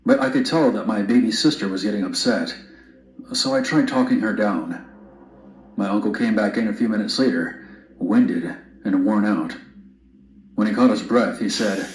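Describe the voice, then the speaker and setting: Low-voiced man narrating a story. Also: normal speed. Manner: blunt, wry storytelling. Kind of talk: first-person story narration. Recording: roomy narration played back.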